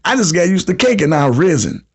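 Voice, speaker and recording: Guy in his 50s running a call-in podcast, kinda high voice, slangy, acts out everybody he's quoting. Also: sing-song, a little fast, slightly rough. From United States. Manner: storytelling slang-heavy, acts out quotes. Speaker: podcast host. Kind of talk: casual call-in podcast talk.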